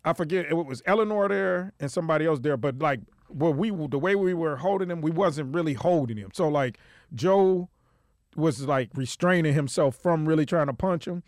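A man's voice: normal speed, no room sound, studio quality. A man telling a story in casual podcast chat, acting out quotes with a rising voice, laughing and swearing freely. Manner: animated storytelling, acts out quotes in a high voice. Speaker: guest storyteller.

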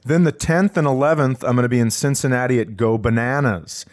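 A man hosting a comedy podcast, reading out his tour dates in casual, joking banter. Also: medium pitch. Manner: quick, joking, laughs often. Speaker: comedian host.

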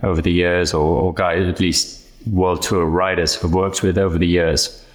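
Male guest in his thirties, low-pitched, measured and thinking aloud as he talks. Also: little pitch movement. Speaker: podcast guest. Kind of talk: casual podcast chat.

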